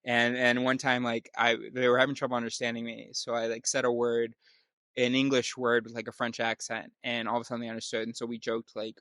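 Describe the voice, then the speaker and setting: A man telling a story in a casual monologue, with quick, joking asides. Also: medium pitch, little pitch movement, fairly bright tone, no room sound, studio quality.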